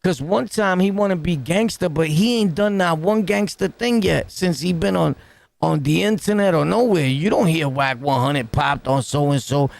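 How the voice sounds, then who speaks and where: Gravelly New York man, streetwise talk. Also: a little high, normal speed, no echo. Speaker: reaction streamer. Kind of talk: casual commentary. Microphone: close to the mic.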